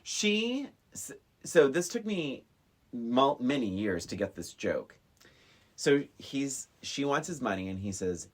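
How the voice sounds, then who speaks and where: A man co-hosting a podcast in casual chat, excitable, laughing often as he acts out film scenes. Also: medium pitch, slow. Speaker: podcast co-host.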